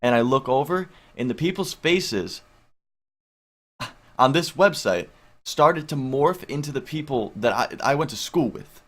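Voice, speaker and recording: A man's voice: medium pitch, expressive, a little slow, a bit bright. Rambling young man telling a story. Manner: rambling, heavy on filler words, swears casually. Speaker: vlogger. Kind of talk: casual storytelling.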